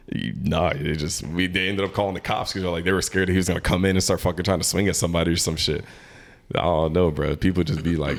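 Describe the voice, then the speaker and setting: Very deep-voiced man telling profane stories. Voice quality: profane, rambling storyteller. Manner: animated, laughs often while telling stories. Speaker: podcast host. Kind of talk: casual chat.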